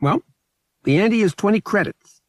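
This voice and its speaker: A man's voice: high-pitched, expressive, moderate pace, a little mellow, no room sound, studio quality, pitched above the performer's own voice. A man voicing a cordial, cagey older male gambler who talks in an easygoing, friendly way. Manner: cordial, drawling.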